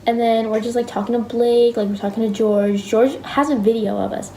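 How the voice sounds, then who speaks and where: A young woman rambles happily through a fan story with a mellow, darker tone. A faint hiss sits behind her voice. Her sentences loop with fillers as she talks. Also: fairly high pitch, fairly even intonation, brisk, poor audio. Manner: chatty, rambling with "like". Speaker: fan recounting a concert day. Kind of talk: casual storytelling.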